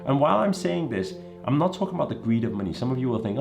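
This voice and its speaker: A man from England delivering a motivational talk, his pitch swinging widely as he presses each point. He talks emphatically and keeps checking in with his listeners. Faint music plays underneath. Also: fast, gravelly. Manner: lively, emphatic, frequent "right?" and "you know". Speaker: motivational speaker.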